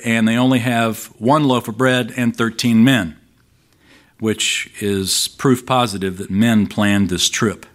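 A man's voice: lowish voice, a bit bright. A man preaching a sermon, explaining scripture in a conversational way and reading passages aloud with emphasis. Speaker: pastor.

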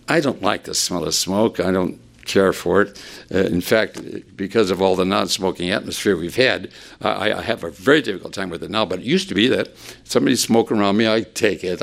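This sermon comes from a man with an animated style and noticeable vocal fry. He climbs higher to make a point, drops down to a hush, and tends to repeat words as he begins again.

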